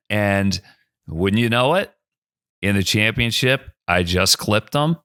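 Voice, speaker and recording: Bright-voiced man telling a golf story. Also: sits low, slow, clean tone, no echo, clean studio sound. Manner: animated, acts out dialogue in the anecdote. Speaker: podcast guest. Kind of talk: casual storytelling.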